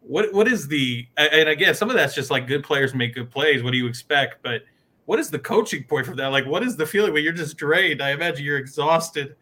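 A man's voice: a little high, fairly quick, pushed and bright. A man co-hosting a podcast, asking long, rambling questions in a friendly way. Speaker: podcast co-host. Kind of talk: casual interview questions.

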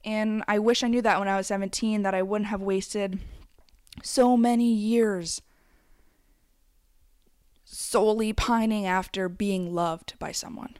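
A woman's voice: mid-range voice, steady tone, measured pace, long pauses, a little mellow, no room sound, studio quality. Blunt, foul-mouthed woman in her twenties. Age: 20s. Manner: blunt, profane and emphatic; conversational, with frequent asides. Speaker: vlogger. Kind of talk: candid advice rant to camera.

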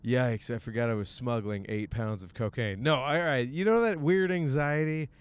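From behind the wheel, a podcast host delivers a casual, rambling monologue in a smooth, resonant voice pitched mid-range for a man, at a moderate pace. He pokes fun at himself, swears often and throws in goofy voiced asides.

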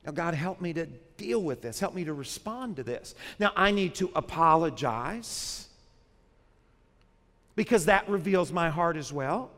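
A man's voice: on the high side, animated, unhurried, a bit bright, long reverb tail. A man, a pastor, preaching a sermon in a conversational way, often putting questions to the congregation.

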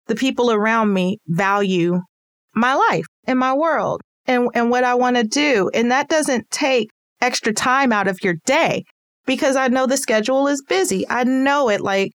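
A woman's voice: on the high side, lively intonation, a little slow, dry recording, clean studio sound. A mother giving casual parenting tips, chatty and laughing easily as she acts out little scenes. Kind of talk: casual advice talk.

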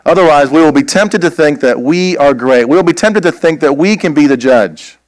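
A man preaching a sermon as pastor, slow and emphatic, posing rhetorical questions. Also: on the high side, animated, no room sound.

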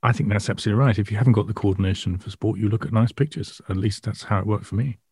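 Husky lowish guy, dry and wry podcast chat. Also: racing, a little mellow, no echo. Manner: wry, self-deprecating. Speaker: podcast co-host. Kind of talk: casual chat.

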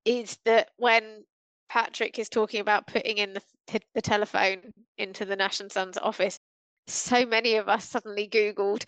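A woman's voice: mid-range voice, steady tone, moderate pace, fairly bright tone, clear, resonant tone, no echo, low-quality recording. A woman guest on a podcast, chatting casually and playfully acting out lines. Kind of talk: casual chat.

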